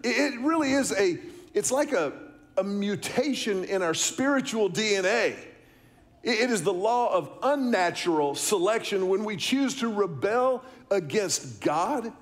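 A middle-aged man, preaching a sermon, telling a story and asking the congregation questions. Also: sits high. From Texas, US. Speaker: pastor.

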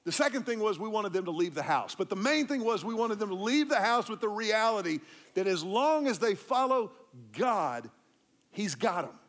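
A middle-aged pastor preaches a sermon and tells a story in a high, animated voice at a moderate pace. When he quotes himself comforting someone, he drops to a hush.

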